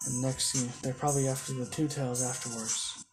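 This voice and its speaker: A man's voice: medium pitch, little pitch movement, normal speed, low-quality recording. Rambling man narrating a fan story. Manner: rambling, self-correcting, chains lines with "he goes". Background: music.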